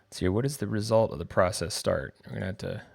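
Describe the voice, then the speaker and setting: Gravelly low-voiced man coding live. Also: big pitch swings, fast talker. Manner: muttering to himself while typing code. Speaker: developer livestream host. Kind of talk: live coding, thinking aloud. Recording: faint music and keyboard typing behind. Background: keyboard typing, faint music.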